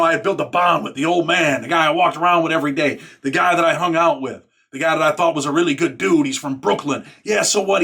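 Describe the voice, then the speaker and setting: Brief: New man, blunt and streetwise, slightly high-pitched storyteller. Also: sharp tone. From New York. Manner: blunt, profane, street talk. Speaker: YouTuber recounting prison life. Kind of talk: casual storytelling monologue.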